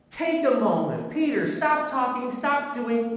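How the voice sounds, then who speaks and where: A man's voice: very high voice, slow. A man preaching a sermon, telling a personal story, acting out the voices in it and asking the congregation rhetorical questions. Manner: storytelling, lively, acts out quotes, asks rhetorical questions. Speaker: pastor. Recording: echoey hall with long reverb.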